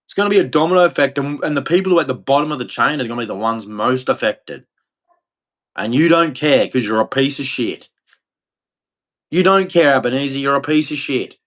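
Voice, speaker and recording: A man's voice: mid-range voice, brisk, a bit bright. An Australian man livestreaming an angry, profane rant, repeating insults over and over. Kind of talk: angry ranting monologue.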